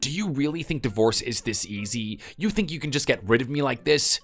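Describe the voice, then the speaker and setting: A man's voice: medium pitch, expressive, a little fast, faint music behind. A man voicing a defensive husband clinging to his marriage, in a pleading, insistent manner. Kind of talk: scripted dialogue drama.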